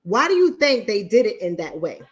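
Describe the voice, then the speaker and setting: A woman's voice: medium pitch, sing-song, moderate pace. A woman hosting a casual livestream chat, talking bluntly to her viewers with frequent profanity and repeating points for emphasis. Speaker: online talk show host.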